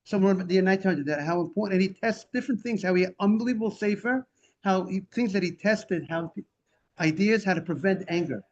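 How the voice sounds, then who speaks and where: Man, high-pitched, runs a Talmud class, animated explainer, lo-fi call audio. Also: fast talker. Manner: animated explaining, translating Hebrew and Aramaic phrases. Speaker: rabbi teaching Talmud. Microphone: video call. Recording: dull lo-fi video call audio.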